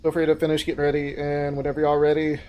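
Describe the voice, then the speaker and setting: A man giving relaxed instructions as leader of a game training session. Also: on the high side, quick pace. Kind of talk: casual game voice chat.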